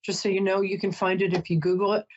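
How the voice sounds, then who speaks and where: A woman's voice: mid-range voice, level tone, fast talker, darkish tone, lo-fi sound. A woman psychic host doing a reading for a caller, chatty, emotional and apologetic, often close to tears.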